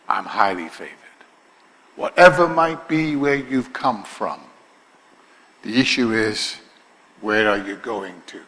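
A man with a Liverpool accent preaches a sermon, his bright, forceful voice ringing through a big hall with a long reverb. He drops into quiet, chatty asides, then swells into loud, slow, stretched-out declarations. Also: on the low side, expressive. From Liverpool, England.

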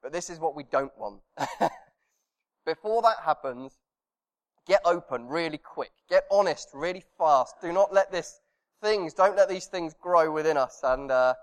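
A man's voice: a little high, lively intonation, a little slow. A man preaching a conversational sermon, telling stories and chuckling as he goes.

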